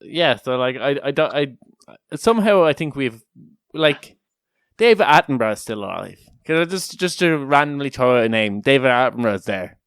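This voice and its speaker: A man's voice: mid-range voice, big pitch swings, normal speed, fairly bright tone, smooth, no echo, clean studio sound. A man co-hosting a casual podcast chat, joking, rambling and swearing freely. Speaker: podcast co-host.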